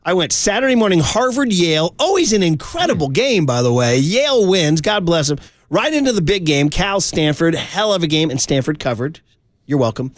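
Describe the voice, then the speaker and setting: A male sports talk host with a high, light voice, chatting in a loose, slangy, excitable way. The sound is dry and close, with no room around it. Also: a little fast, dry recording.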